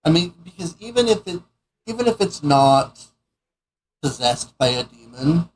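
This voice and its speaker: A man's voice: on the high side, big pitch swings, a little slow, husky, poor audio. A man co-hosting a casual podcast, easygoing and teasing, laughing along with his partner. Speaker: podcast co-host. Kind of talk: casual chat.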